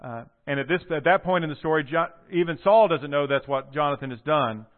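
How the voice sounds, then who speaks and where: A man preaching a sermon, retelling a scripture story with animated storytelling and acting out the quoted lines. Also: fairly high pitch, a little fast. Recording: tinny phone-like audio.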